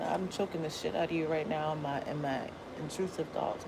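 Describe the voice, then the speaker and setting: A woman hosting a tarot stream, talking casually and bluntly to her viewers with lots of swearing and quick asides. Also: sits low. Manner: blunt, profane, chatty, laughs and exclaims often. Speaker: tarot reader livestream host. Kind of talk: casual spiritual talk to viewers. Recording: steady background noise.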